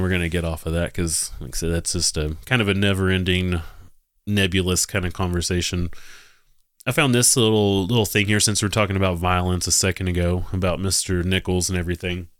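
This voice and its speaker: Male podcast host with a very deep voice, dry close sound, talking off the cuff in a scoffing, sarcastic tone. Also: a bit bright, clear, resonant tone, no echo. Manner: sarcastic and mocking, with frequent laughs and restarts. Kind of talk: casual commentary.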